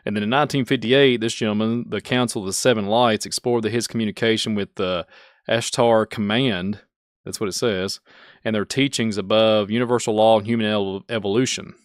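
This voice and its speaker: A man's voice: lowish voice, steady tone, fairly quick, no room sound. Kentucky-accented male host, rambling rant, dry close sound. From Kentucky, USA. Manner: rambling, self-mocking, laughing asides. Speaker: channel host. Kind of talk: casual ranting commentary.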